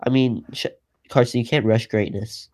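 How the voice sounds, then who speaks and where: A young man guest chatting over a video call, halting and apologetic. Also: medium pitch, fairly even intonation, a little mellow. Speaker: podcast guest. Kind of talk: casual chat on a video call.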